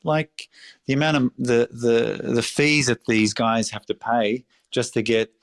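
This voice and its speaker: A man's voice: mid-range voice, fairly even intonation, unhurried, no echo, studio quality. A middle-aged Australian man, a restaurateur speaking in a podcast interview, passionate and emphatic, repeating phrases and swearing freely. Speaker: restaurateur guest.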